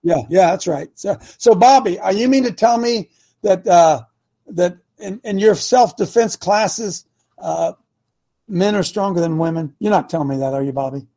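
This older man hosts a call-in show and talks like a preacher. His voice sits high with a husky edge, and he pushes his points with repeated rhetorical questions. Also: normal speed, mellow. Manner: emphatic, rhetorical questions, sermon-like. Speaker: talk show host.

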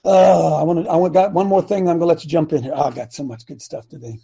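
A man's voice: a little high, quick pace, gravelly, mellow, husky. An older man hosting a talk show, speaking with fiery, preachy passion and repeating phrases for emphasis. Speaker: host. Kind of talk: impassioned political talk.

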